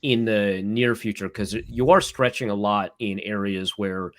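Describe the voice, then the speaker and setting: Animated male football writer telling stories. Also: fairly low pitch, unhurried. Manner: animated storyteller, acts out quoted dialogue. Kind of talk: casual podcast chat.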